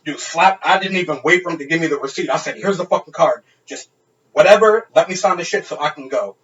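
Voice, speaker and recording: A man's voice: on the high side, fast, fairly bright tone, recorded from a distance, lo-fi sound. A man on a podcast telling a wild night-out story in casual, profane, laughing chat. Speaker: podcast co-host.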